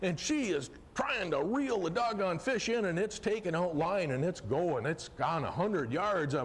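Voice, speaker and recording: A middle-aged man telling a personal fishing story on a festival stage, folksy and animated, swinging from hushed to loud excitement. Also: sits high, a little slow, hardly any pauses, slightly rough. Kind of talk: live storytelling performance. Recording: live hall recording with long reverb, faint ambience.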